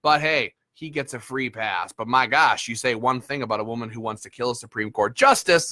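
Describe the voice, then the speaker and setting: A man's voice: medium pitch, expressive, moderate pace, few pauses, sharp tone. A man leading a gun rights group, giving combative, emphatic political commentary with frequent fillers like "uh".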